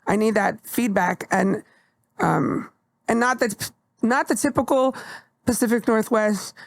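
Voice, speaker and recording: A young adult woman comedian hosting a podcast, speaking candidly and with energy, swearing casually in relaxed chat. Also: a little high, measured pace, creaky, no room sound, clean studio sound.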